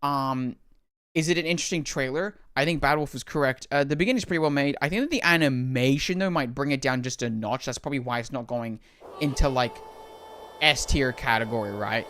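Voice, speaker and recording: A young male streamer with a smooth, clean voice, chatting on a live stream as he reacts to game trailers. He rambles, apologizes, and laughs at himself. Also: medium pitch, a little fast, fairly bright tone. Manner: apologetic, rambling, self-deprecating.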